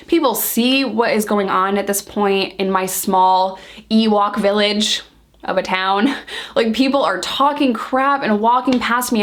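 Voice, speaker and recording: A woman in her thirties casually telling a personal story to camera, blunt and heated, swearing freely. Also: mid-range voice.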